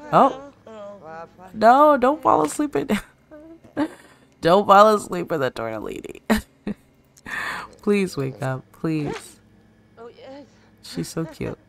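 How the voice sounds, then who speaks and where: A young woman chatting excitedly through a life-simulation game, talking to her viewers in a slangy, casual way. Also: deep voice. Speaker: let's play creator. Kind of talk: casual gameplay commentary.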